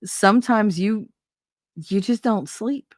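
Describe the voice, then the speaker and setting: A woman's voice: medium pitch, slow pace, dry recording, studio quality. Laughing, rambling Jersey woman streamer. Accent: New Jersey. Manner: rambling, laughing, swearing, self-mocking. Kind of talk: casual solo chat.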